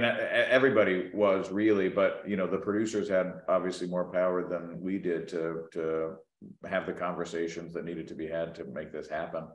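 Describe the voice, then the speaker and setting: Man, very low voice, interview guest, lots of ums, echoey room. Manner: thoughtful, hesitant with many ums, teasing. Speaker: actor guest. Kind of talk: casual press interview. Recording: roomy echo.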